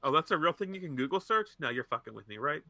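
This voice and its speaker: A man co-hosting a casual podcast chat, tossing in quick joking asides. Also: a little high, very animated, creaky, bright, forceful tone, no echo. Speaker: podcast co-host.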